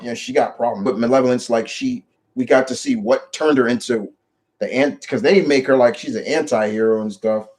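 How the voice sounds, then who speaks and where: A man hosting a casual live chat about movies, talking in an animated, rambling way with lots of restarts. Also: medium pitch, a little fast. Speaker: show host.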